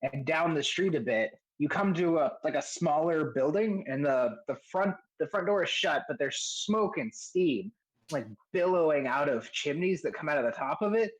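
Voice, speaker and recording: A man narrating a tabletop game as game master, describing scenes hesitantly with many pauses and restarts. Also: on the high side, animated, husky, low-quality recording.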